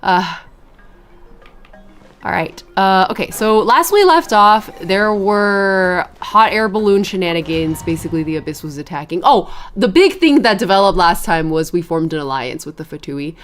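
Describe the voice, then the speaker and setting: Animated, laughing woman streamer. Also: lowish voice, normal speed, faint music behind. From grew up with Chinese and Japanese media. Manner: animated, swears freely, laughs often. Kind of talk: casual chat to stream viewers.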